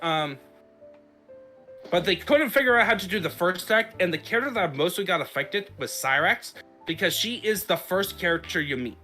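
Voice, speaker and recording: A man's voice: high-pitched, expressive, moderate pace, pushed and bright, faint music behind. A man in casual podcast chat, recapping a game story in a rambling way with frequent fillers and restarts. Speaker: podcast host.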